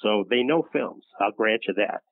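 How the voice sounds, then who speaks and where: A lowish-voiced older man recounts a story in an interview, stumbling and restarting as he acts out quoted lines. The sound is thin and phone-like, with no room around it. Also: moderate pace, gravelly, no echo. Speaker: interview guest, former studio executive. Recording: tinny phone-like dry sound.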